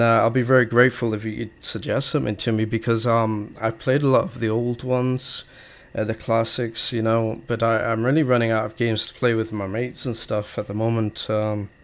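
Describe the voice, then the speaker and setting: A man's voice: on the low side, little pitch movement, fairly quick. A young man, hosting a gaming vlog, talking in a hesitant, rambling way full of fillers and restarts. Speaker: gaming video host. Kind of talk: casual rambling commentary.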